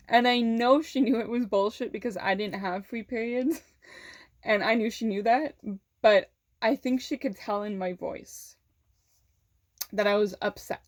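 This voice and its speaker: A woman vlogger telling a personal story in a candid, halting way, swearing freely and holding back tears. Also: mid-range voice.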